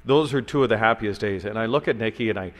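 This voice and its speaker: A man giving a heartfelt, halting tribute speech at a gala, pausing on fillers. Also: on the low side, in a large hall.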